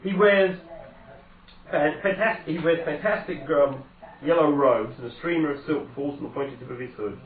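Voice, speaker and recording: A man's voice: a little high, moderate pace. A man narrating a tabletop game as game master, speaking conversationally with frequent hesitations and self-corrections. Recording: echoey, distant, phone-like sound.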